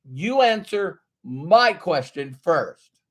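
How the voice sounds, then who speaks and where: A man doing the voice of a cheerful, successful male salesman who speaks halting, broken English with a Middle Eastern accent. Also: fairly high pitch, big pitch swings, full character voice. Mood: insistent. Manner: halting, simple sentences.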